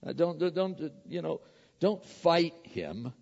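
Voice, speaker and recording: A man's voice: on the high side, big pitch swings, measured pace, creaky, darkish tone. A man preaching a sermon, emphatic and repetitive, asking rhetorical questions and answering them. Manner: emphatic, repeats words, asks rhetorical questions. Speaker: pastor. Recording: echoey hall, dull lo-fi sound.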